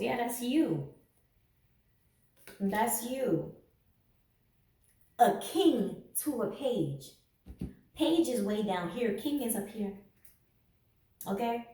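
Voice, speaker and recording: A woman's voice: fairly high pitch, dark tone. A woman giving a casual tarot reading to camera, sarcastic and laughing often. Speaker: tarot reader. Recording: echoey room, mic at a distance.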